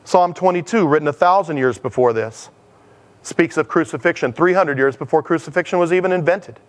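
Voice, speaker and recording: A man's voice: on the high side, a little fast. A man preaching a conversational sermon in a chatty manner, acting out dialogues as he teaches. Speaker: pastor.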